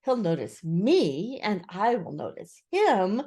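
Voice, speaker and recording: A woman voicing a slow-thinking male bear who muses and thinks aloud, in a storybook reading. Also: medium pitch, sing-song, mellow. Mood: pondering.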